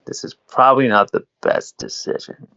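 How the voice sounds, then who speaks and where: A man voicing a hesitant adventurer who doubts his hasty pick, in a low resigned mutter over muffled call audio. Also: big pitch swings, normal speed, creaky, pushed and bright, dry recording, full character voice.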